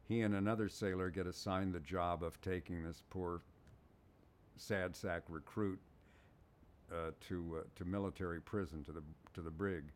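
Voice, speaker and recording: Deep-voiced older man telling a story. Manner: animated storyteller, acts out quotes. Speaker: voice actor. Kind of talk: anecdotal storytelling.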